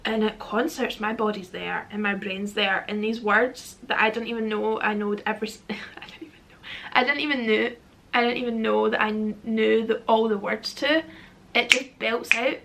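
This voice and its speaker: A woman's voice: on the high side, steady tone, moderate pace, vocal fry, fairly bright tone, slight background noise. A young Scottish woman in her twenties, chatting to camera in a rambling, self-deprecating Q&A vlog. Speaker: vlogger. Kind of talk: casual Q&A chat to camera.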